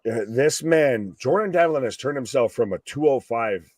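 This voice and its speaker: A man co-hosting a casual live wrestling commentary stream, excitable and swearing freely. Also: mid-range voice, moderate pace, no echo. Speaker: co-host.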